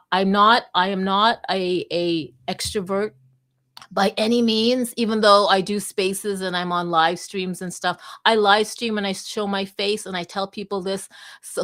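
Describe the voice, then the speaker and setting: A woman's voice: medium pitch, a bit bright. A woman hosting a casual live chat, talking candidly and rambling, with frequent restarts. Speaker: host of a live audio space.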